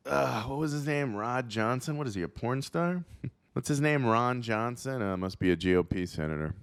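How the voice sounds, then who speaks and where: A man's voice: lively intonation, normal speed, clear, resonant tone, dry recording. A comedian host riffing casually, joking and laughing at his own bits. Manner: jokey, laughs at his own bits, jumps into silly high voices.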